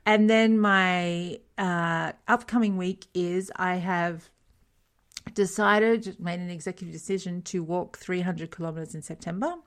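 A middle-aged woman co-hosting a casual chat, telling stories with frequent laughter and lively retold dialogue. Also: fairly low pitch, measured pace. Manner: chatty, laughs often, retells dialogue animatedly. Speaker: podcast co-host.

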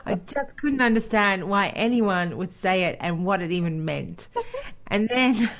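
A woman's voice: medium pitch, expressive, a little slow, fairly bright tone. Chatty laughing woman co-host. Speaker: podcast co-host. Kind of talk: casual chat.

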